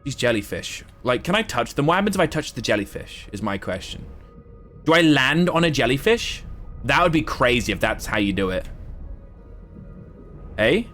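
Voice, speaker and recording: A man's voice: mid-range voice, big pitch swings, normal speed, long pauses, a bit bright, faint music behind. A man from Southwest England with an English accent that has American influences. He gives casual, chatty live gameplay commentary and swears freely. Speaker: streamer.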